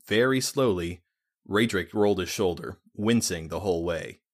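Deep-voiced male audiobook narrator. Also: normal speed.

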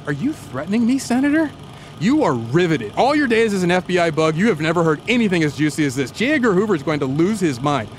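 A man's voice: on the high side, very animated, fast talker, hardly any pauses, slight background noise. A man hosting a podcast, telling a comic history story to his co-host in a wry, playful way.

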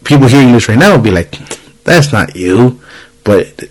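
Podcast host, man in his thirties, loose profane storyteller, middle-pitched voice. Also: lively intonation, moderate pace, slight background noise, rough recording. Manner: storytelling, swears freely, acts out quoted voices. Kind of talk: casual chat.

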